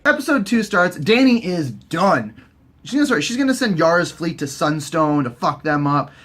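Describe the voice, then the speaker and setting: Excitable, sweary man with a lively voice. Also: fairly high pitch, normal speed. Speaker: vlogger. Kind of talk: profane casual recap.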